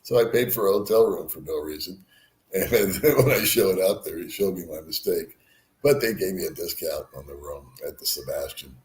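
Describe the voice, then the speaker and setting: A man's voice: deep voice, moderate pace, roomy sound. An older man vlogging, telling a rambling travel story, swearing freely and chuckling at himself. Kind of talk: casual storytelling.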